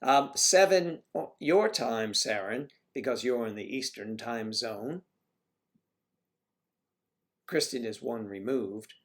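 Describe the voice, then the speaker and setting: A man's voice: mid-range voice, slow pace, long pauses. A man hosting a casual livestream, chatting in a rambling way with lots of asides to his viewers. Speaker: livestream host. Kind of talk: casual chat.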